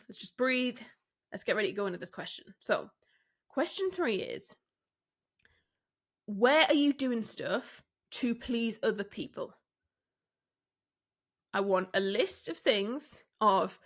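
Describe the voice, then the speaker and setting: A woman hosting a solo business podcast, coaching listeners in a direct, candid way with rhetorical questions and quick laughs. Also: fairly high pitch, lively intonation.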